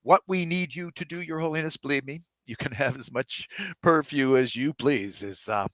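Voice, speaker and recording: A man reading his novel aloud, voicing a boozy, blustering aging president who bosses his staff loudly. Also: medium pitch, normal speed, dry recording, close to an everyday voice. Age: older. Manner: loud, bossy, swaggering.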